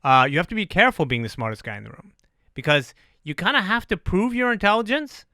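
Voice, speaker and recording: A middle-aged man hosting a casual podcast, talking in an animated way, swearing freely and poking fun at himself. His voice is bright and forward, pitched slightly high for a man, and the recording is dry and close. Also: quick pace, no echo. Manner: animated, profane, self-deprecating. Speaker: podcast host.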